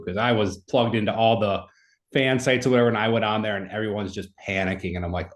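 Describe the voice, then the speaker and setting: A podcast guest, a man in his thirties with a fairly low voice, tells a story in relaxed, casual conversation. He talks briskly but rambles, scattering fillers like "like" and "you know" throughout his sentences.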